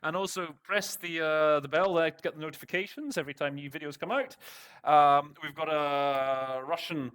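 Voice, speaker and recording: A man's voice: fairly high pitch, fairly even intonation, normal speed, fairly bright tone, clean tone. A man as host of an interpreting lesson, talking casually with lots of fillers and restarts as he walks through a text. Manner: chatty, full of fillers and restarts. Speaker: interpreting tutor. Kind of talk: casual teaching breakdown.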